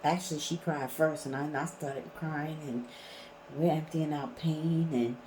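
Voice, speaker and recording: Woman, vlogger, deep voice, blunt, emphatic, cusses often. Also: steady tone, a little slow, darkish tone, a little hiss or hum, poor audio. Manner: blunt, emphatic, swears freely. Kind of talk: casual storytelling to camera.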